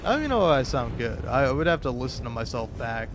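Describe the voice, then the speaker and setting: A man's voice: mid-range voice, lively intonation, fast, noisy background. A young man chatting casually as he plays and comments on a game, rambling with many restarts and swearing. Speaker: YouTuber, gameplay commentator. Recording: game music behind.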